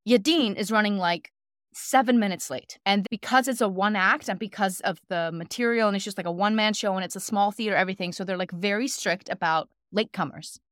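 A woman co-hosting a podcast tells a story in a relaxed, chatty way, with lots of animation. Her voice sits in a middle range. The recording is close and dry. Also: mid-range voice, a little fast, no echo. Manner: animated, acts out quotes in her stories. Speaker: podcast co-host. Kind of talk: casual conversational storytelling.

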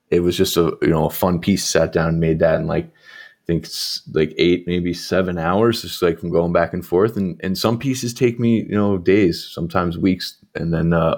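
Deep-voiced laid-back man, casual chat. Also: fairly even intonation, normal speed, a little mellow. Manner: laid-back, lots of filler, swears casually. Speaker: guest artist.

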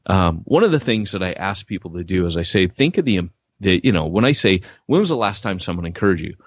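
Male podcast co-host, low husky voice, very expressive delivery, dry lo-fi sound. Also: fast, dry recording. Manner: animated storyteller, acts out quotes with big pitch jumps. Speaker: podcast co-host, church planting author. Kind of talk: casual podcast conversation. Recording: dull lo-fi dry podcast audio.

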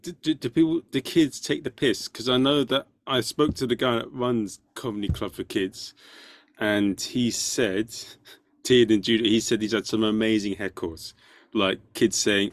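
Male interviewer, low voice, dry room, halting casual questions. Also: fairly even intonation, no room sound. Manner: stammering, repeats words at the start.

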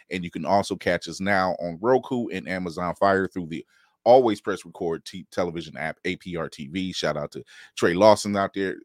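A middle-aged man hosting a casual podcast chat, animated and laughing, acting out quotes in playful voices. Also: deep voice, dry recording, clean studio sound. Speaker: podcast host.

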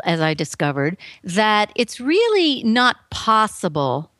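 A woman guest telling her story on an interview show, earnest and emphatic, acting out the voices she quotes with big pitch swings. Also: fairly bright tone, dry recording. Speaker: guest author. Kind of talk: animated personal storytelling.

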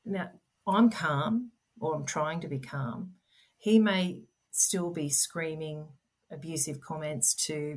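Low-voiced earnest middle-aged woman. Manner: earnest, explanatory, gentle. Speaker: podcast guest, parent advocate. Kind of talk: conversational interview.

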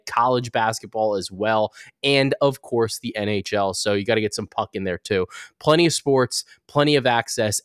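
A man's voice: medium pitch, no room sound, clean studio sound. A man hosting a sports betting podcast, talking loosely and correcting himself as he goes. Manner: loose, rambling, self-correcting. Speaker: podcast host. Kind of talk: casual sports betting chat.

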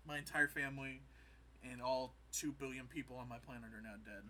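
A man co-hosting a podcast, casually recapping a show and acting out scenes with quick quoted voices. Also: medium pitch, steady tone, pushed and bright, a little hiss or hum. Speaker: podcast co-host.

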